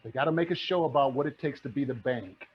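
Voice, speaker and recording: A man's voice: medium pitch, fast, a little hiss or hum. A middle-aged man giving a motivational talk as a real estate mentor, fired up and repeating his points like a preacher. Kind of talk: motivational presentation. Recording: muffled lo-fi audio.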